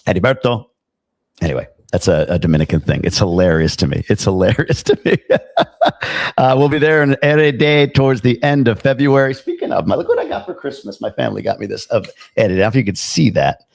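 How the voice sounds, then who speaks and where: A man's voice: fairly low pitch, sing-song, fast talker, gravelly, dry recording, clean studio sound. A middle-aged man hosting a casual live stream, chatting loosely, reading out viewer comments and tossing in jokey asides. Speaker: livestream host.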